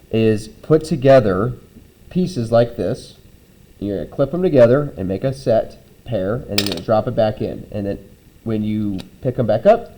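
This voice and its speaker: A middle-aged man explains a classroom lab step by step, his voice mellow and relaxed. He keeps it casual, dropping in fillers and checking in with the students as he goes. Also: lowish voice, poor audio. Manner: conversational, frequent "okay?" check-ins and "um" fillers. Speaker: teacher.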